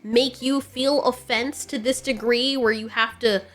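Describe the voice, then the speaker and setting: A woman's voice: on the high side, fairly even intonation, unhurried, a bit bright. A woman giving opinionated commentary on video games in a blunt, sarcastic way.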